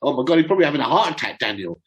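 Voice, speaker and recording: A man's voice: a little high, big pitch swings, very fast, muffled recording. A middle-aged man hosting a fan channel. He talks through football in a casual, rambling way and sometimes fumbles for names.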